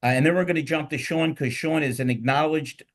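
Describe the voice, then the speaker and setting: Middle-aged male host, Philly accent, rambling and jokey, energetic panel banter. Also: on the high side, a little fast. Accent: Philadelphia. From Philadelphia. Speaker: podcast host. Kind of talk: casual panel talk.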